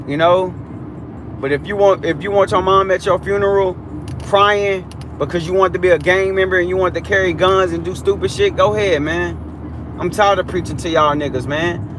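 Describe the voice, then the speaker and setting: A young man with a high voice delivers a heated, preachy rant straight to his live-stream viewers, repeating himself. He is outdoors on a city street, with traffic noise clearly heard behind him. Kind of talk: ranting live-stream monologue.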